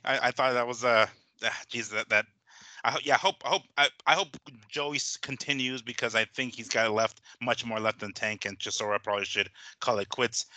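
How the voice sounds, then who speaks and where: A man's voice: medium pitch, bright, forceful tone, no echo. A man co-hosting a boxing podcast, running through fight news in a rambling, filler-heavy, laid-back way. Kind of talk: casual boxing news chat.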